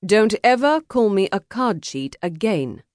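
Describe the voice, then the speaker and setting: A woman voicing a cool, dry-witted gentleman hero who speaks with restraint. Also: medium pitch, sing-song, slow, no room sound, pitched above the performer's own voice.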